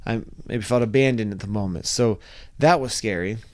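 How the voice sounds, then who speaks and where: Animated man telling a story dry. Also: fairly low pitch, normal speed, no echo. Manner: animated, acts out shouted quotes, frequent restarts. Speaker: vlogger. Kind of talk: casual storytelling to camera.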